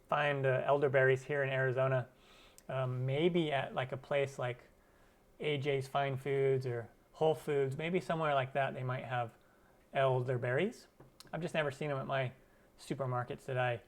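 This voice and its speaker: A man hosting a cooking channel's live stream Q&A, chatting loosely with viewers and using many fillers. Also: mid-range voice. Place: lives in Arizona.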